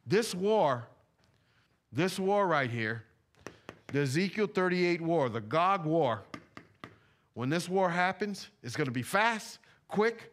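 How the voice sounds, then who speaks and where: A man's voice: fairly high pitch, expressive, measured pace, fairly bright tone. A man preaching a sermon in a church, talking in a loose, conversational way with slang and repeated phrases. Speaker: pastor. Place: church sanctuary.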